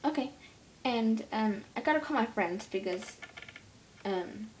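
A woman voicing an easily excited young daughter pet in a home-made toy pet role-play, gushing and tripping over her words. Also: on the high side, unhurried, a little hiss or hum, poor audio. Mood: sheepish.

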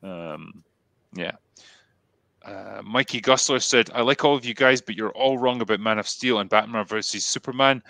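A man's voice: on the low side, moderate pace, gravelly, bright, forceful tone, no echo. A man with a Scottish accent hosting a casual podcast chat and reading out viewer comments in a laid-back way. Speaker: podcast host.

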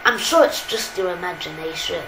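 A woman's voice: on the low side, normal speed, vocal fry, pitched below the performer's own voice. A woman voicing a puzzled, grumbling male theme-park security guard with a made-up accent, for a game playthrough. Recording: roomy echo, faint background hiss.

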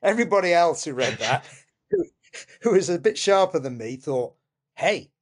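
A man, a biologist and author, explaining science in a conversational interview, with lively restarts and self-deprecating humor. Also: fairly high pitch, moderate pace.

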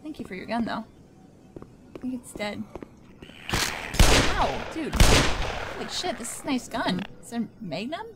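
A chatty young woman with a fairly high voice, cracking jokes as she plays a game and talking back to the characters on screen. The recording is noisy, with game sounds running underneath. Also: very animated, unhurried, pauses often. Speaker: gaming channel host. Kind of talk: casual let's play commentary.

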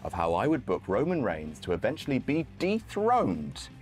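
Wry man narrating with lively pitch. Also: moderate pace, soft background music. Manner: wry, dry humor. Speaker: wrestling commentator YouTuber. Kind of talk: scripted comedic narration.

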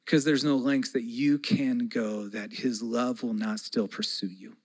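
A man's voice: medium pitch, steady tone, a little slow, breathy edge. A man in his forties preaching a sermon as pastor, earnest and conversational, with folksy asides.

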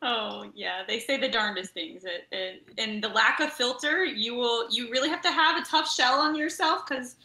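A woman, a camp travel director and nurse, telling lively stories in a podcast interview and acting out voices. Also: a little high, moderate pace, few pauses, echoey room, slight background noise. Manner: animated storyteller, acts out voices.

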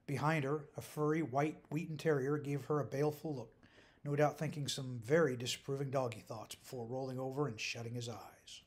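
A man reading an audiobook as narrator, in calm, measured scripted narration. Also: medium pitch.

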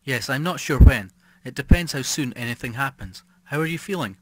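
A man reading the part of a calm, cold middle-aged wife who plots a poisoning, speaking quietly and primly. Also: medium pitch, brisk, close to an everyday voice.

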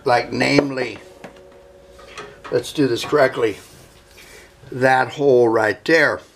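A man's voice: medium pitch, steady tone, slow, creaky, a little hiss or hum. A man, hosting a workshop how-to vlog about building guitars, folksy and joking as he talks viewers through his work. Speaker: guitar builder, channel host.

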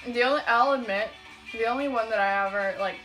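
A woman's voice: a little high, fairly quick, music in the background, rough recording. A woman hosting a casual chat, reading out questions playfully and laughing easily. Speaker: host asking tag questions.

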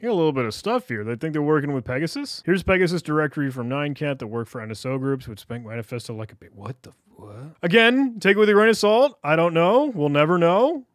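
A cybersecurity YouTuber, a man, casually talking through a screen recording, animated and jokey as he reads chats aloud. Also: fairly high pitch, fast, hardly any pauses, no room sound, studio quality.

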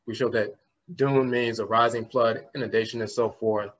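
A man's voice: medium pitch, steady tone, normal speed. Man lecturing on word origins. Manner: explains word roots, spells terms out letter by letter; often trails off with "and so forth". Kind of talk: conference lecture. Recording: slightly muffled lo-fi recording.

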